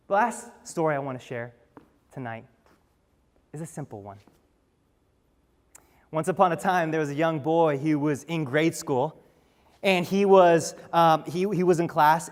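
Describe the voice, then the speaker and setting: A man's voice: on the high side, big-room sound. A man giving a talk on stage, telling stories earnestly and asking the audience rhetorical questions. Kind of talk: storytelling talk.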